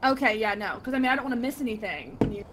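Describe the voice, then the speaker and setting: A woman's voice: a little high, animated, very fast, noisy background. A woman chatting casually with a friend during a gaming stream, rambling and giggling.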